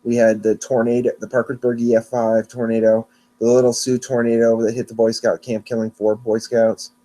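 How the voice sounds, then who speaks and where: Guy rambling through his weather show, mellow dark voice, kinda sleepy, keeps restarting himself. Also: mid-range voice, completely flat delivery, a little fast. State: yawning, sleepy. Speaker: weather podcast host. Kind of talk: casual solo podcast talk.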